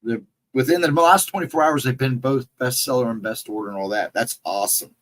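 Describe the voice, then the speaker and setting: A man chatting on a livestream and greeting viewers by name, in a rambling casual way, his voice hoarse and cracking from laryngitis. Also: mid-range voice, brisk, a bit bright, low-quality recording. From central Ohio, United States. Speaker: livestream co-host.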